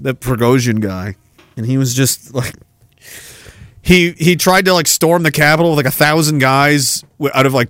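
A man hosting a livestream in a casual, rambling and profane way, quick to flare up and cursing between stretches of chatter. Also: medium pitch, a bit bright, no echo. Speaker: livestream host.

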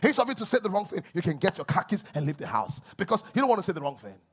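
Man, pastor preaching, high lively voice, husky, loud then hushed. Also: rapid-fire. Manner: preaching with wide swings between loud emphasis and quiet asides. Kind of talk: sermon.

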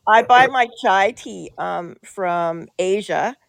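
A woman's voice: mid-range voice, slow, vocal fry, no echo. A woman calling in to a podcast, chatting cheerfully. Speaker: caller. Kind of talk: casual chat.

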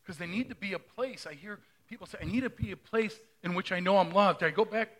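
A man's voice: high voice, fast talker, a bit bright. A middle-aged male pastor preaching a sermon in a conversational way, often asking the congregation questions.

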